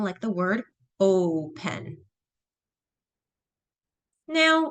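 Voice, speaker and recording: A woman's voice: medium pitch, a bit bright. A woman teacher explaining phonics patiently, step by step. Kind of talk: phonics lesson narration.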